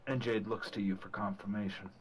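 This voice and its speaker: A man's voice: on the low side, level tone, a little fast, slight background noise, low-quality recording. A man playing in a tabletop game, teasing the others and narrating what his character does in a dry, plain way. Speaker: player. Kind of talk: casual tabletop game play.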